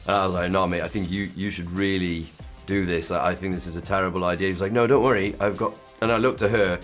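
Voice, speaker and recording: A man's voice: low-pitched, fairly even intonation, quick pace, a bit bright, soft background music. A man in an interview telling a story about a fan, incredulous, acting out what each person said. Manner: incredulous, acts out the dialogue. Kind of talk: anecdote told in an interview.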